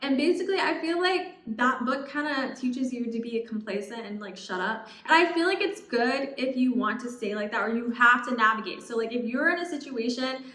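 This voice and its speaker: A young adult woman vlogging casual advice, chatty and expressive, acting out what other people say. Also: on the high side, brisk, hardly any pauses. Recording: echoey room.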